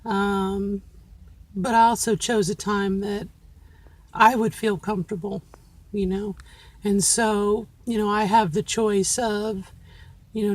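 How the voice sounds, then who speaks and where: A middle-aged woman vlogger speaks straight to her viewers in a casual, reflective monologue, candid and encouraging herself along the way. Her medium-pitched voice is a little mellow, a feminine voice she has trained and carefully places.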